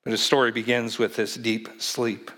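A man's voice: medium pitch, flat delivery, a bit bright. A man preaching a sermon in a conversational way, asking the congregation questions and acting out quotes, with frequent restarts. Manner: halting, with restarts and fillers. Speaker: pastor.

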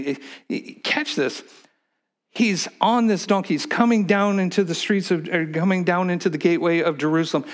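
A man preaching a sermon, swinging between loud, emphatic stretches and hushed, whispered ones. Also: sits high, moderate pace. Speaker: pastor.

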